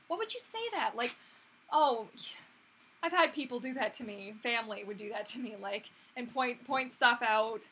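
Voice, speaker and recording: A woman's voice: a little high, lively intonation, moderate pace, bright, forceful tone, slight background noise. A woman in her thirties hosting a casual live Q&A, chatty and rambling, full of fillers and restarts. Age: 30s. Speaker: livestream host answering viewer questions.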